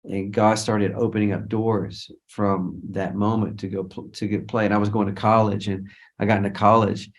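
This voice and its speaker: Low-voiced man telling a rambling story. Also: little pitch movement, moderate pace. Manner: rambling, repeats and restarts, quotes others in speech. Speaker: interview guest, worship leader. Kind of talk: casual storytelling interview.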